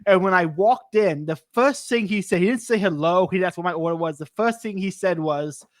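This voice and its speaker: A man who hosts a podcast, telling stories in a casual, excitable and rambling way, often restarting his sentences. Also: high voice, fairly quick, no echo, clean studio sound. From United States. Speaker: podcast host. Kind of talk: casual storytelling chat.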